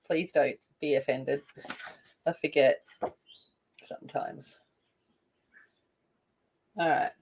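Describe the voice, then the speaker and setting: A woman's voice: low-pitched, steady tone, takes it slowly, creaky, long pauses, a little mellow, a little hiss or hum. Australian woman, coloring channel host, casual live-stream chat, rambling, answers viewer comments.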